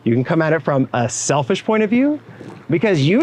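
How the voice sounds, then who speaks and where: His voice is a little high and brisk, and the audio quality is poor. Speaking to event professionals in a motivational keynote, he talks directly to the room with frequent asides, animatedly acting out the clients and inner voices he quotes.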